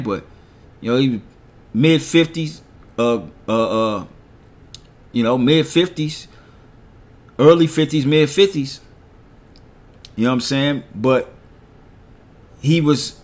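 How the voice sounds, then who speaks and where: A middle-aged man delivers a sermon. He reads scripture in a slow, measured way and comments on each verse. He keeps checking in with his listeners by asking "all right?". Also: on the high side. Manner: reads verses slowly, asks "all right?" after nearly every point. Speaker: preacher.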